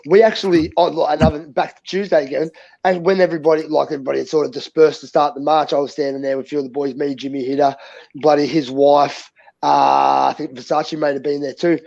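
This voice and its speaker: Fast-talking gravelly Australian man. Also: on the high side, level tone, darkish tone. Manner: blunt and profane, tells stories with quoted dialogue. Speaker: co-host. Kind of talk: casual podcast banter. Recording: dull lo-fi audio.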